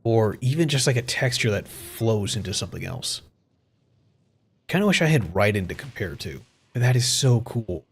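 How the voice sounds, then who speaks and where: A man giving casual live-stream commentary as streamer, excitable, swearing freely and chuckling often. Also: on the low side, moderate pace, creaky, breathy edge.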